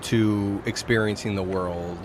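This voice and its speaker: A man's voice: lowish voice, fairly even intonation, unhurried, background noise. A man hosting a podcast, musing thoughtfully in a casual conversation. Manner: reflective, muses on life and culture. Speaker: podcast host. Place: outdoor restaurant patio at night.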